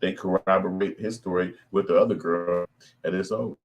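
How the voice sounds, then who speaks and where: Brief: middle-aged man, very low voice, profane and animated commentary. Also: brisk. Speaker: channel host. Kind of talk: casual commentary.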